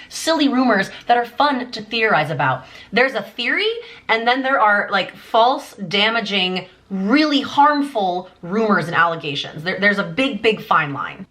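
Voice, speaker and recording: A woman's voice: medium pitch, sharp tone. A woman in her twenties giving an emphatic, indignant fan commentary to her vlog audience, full of "like". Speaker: YouTuber.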